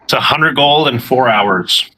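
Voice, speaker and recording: A man with a bright, forward voice runs a tabletop game. He rules on the game with easy authority and breaks into laughter often. His banter is loose and playful. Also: mid-range voice, expressive, measured pace. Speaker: game master. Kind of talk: running a tabletop game, casual chat.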